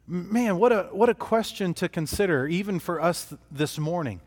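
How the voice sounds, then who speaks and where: A man's voice: sits high, lively intonation, moderate pace, few pauses. A man preaching an expository sermon as pastor, earnest, often restarting his phrases as he thinks aloud. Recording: long hall reverb.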